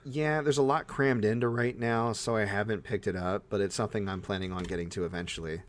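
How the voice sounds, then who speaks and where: Excitable low-voiced man gushing about games. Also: fairly quick, a little hiss or hum. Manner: excitable, gushing, breaks into high-pitched bursts. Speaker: podcast co-host. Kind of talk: casual chat.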